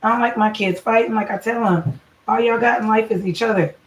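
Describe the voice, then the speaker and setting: A woman's voice: on the high side, steady tone, fairly quick. A woman talks her viewers through a recipe in a loose, salty, chatty way, like a home cook running a livestream. She sounds set back from the mic in a roomy, echoing kitchen. A faint hiss sits under her voice. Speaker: home cooking show host and mother. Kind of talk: casual livestream cooking chat. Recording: echoey room, voice from a distance, faint noise.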